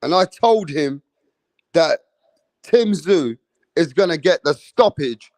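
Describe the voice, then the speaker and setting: A man's voice: on the high side, lively intonation, slow, pauses often, dry recording. A man hosting a live stream about boxing, brash and profane, talking straight to his chat and boasting about his predictions. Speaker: boxing channel host.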